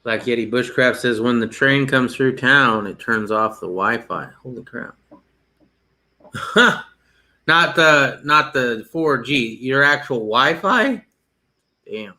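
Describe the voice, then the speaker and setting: A man's voice: mid-range voice, expressive, slow pace, pushed and bright. A man co-hosting a casual live chat, joking and laughing often as he talks. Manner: laughs often, jokey and loose.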